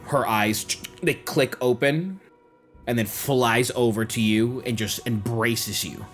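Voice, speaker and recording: A man's voice: mid-range voice, takes it slowly, fairly bright tone. Guy running a tabletop game, describes every scene in detail, music under. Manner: vivid descriptive narration. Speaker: game master.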